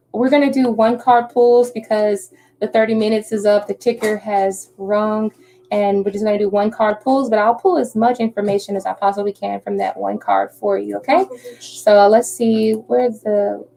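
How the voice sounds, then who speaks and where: A woman's voice: mid-range voice, fairly even intonation, normal speed, gravelly, mellow. A woman doing a live-stream tarot reading, chatty and reassuring, often checking in with "okay?". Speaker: tarot reader.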